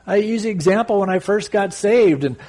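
A middle-aged man from Southern California preaching a sermon, reading scripture slowly and telling stories earnestly. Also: high voice. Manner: earnest, animated storytelling with slow scripture reading. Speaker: pastor.

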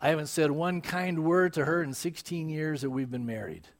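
A man's voice: fairly high pitch, normal speed, close to an everyday voice. A male preacher voicing a hardened man who owns a gambling hall, telling of his crimes in a pleading, insistent way. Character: hardened male gambling-hall owner, menacing then broken.

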